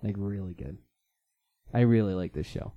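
A man co-hosting a casual chat, chatty and quick to jump in. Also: fairly low pitch, no room sound, muffled recording.

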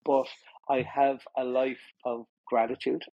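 A middle-aged man with an Irish accent talks openly in a studio interview, stumbling and repeating himself as he finds his words. His voice is husky and slightly breathy. The sound is dry and close. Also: medium pitch, flat delivery, no echo, muffled recording. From Ireland. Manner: halting, repeats words and restarts often. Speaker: guest. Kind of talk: candid interview conversation.

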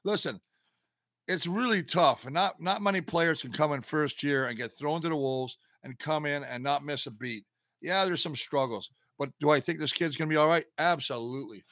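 A man's voice: a little high, moderate pace, dry recording, clean studio sound. A middle-aged man, a former player analyzing football, telling stories emphatically. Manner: animated storyteller, emphatic. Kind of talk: casual sports talk.

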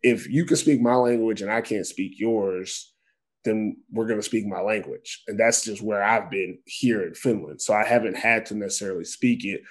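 A man's voice: fairly low pitch, normal speed. Chatty American man explaining things. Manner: relaxed, talkative, explains at length with everyday slang. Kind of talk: casual chat.

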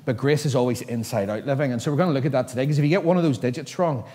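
A middle-aged pastor preaches to his church, chatty and self-mocking, and he laughs at his own stories. His voice carries a long reverb from a large hall. It sits at a mid pitch for a man. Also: rapid-fire, dark tone. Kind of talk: sermon with storytelling.

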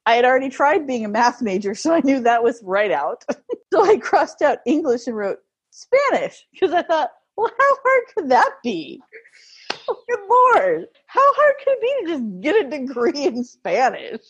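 A woman's voice: sits high, very animated, moderate pace, slightly rough, muffled recording. A woman telling stories in a casual interview, laughing often as she talks. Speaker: guest.

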